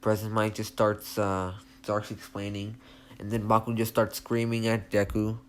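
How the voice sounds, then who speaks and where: A man's voice: on the low side, completely flat delivery, normal speed. A young man casually retelling a fan story, rambling and hesitant with many restarts.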